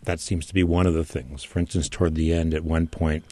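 Deep voiced radio guest, slow and measured, dry studio. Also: male voice, little pitch movement, dark tone, dry recording. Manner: measured, searching for words. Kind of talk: literary discussion on radio.

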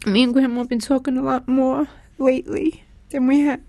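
A woman recording personal messages to her young son, speaking tenderly and haltingly with pauses and restarts. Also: high voice, flat delivery, mellow, no room sound. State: crying.

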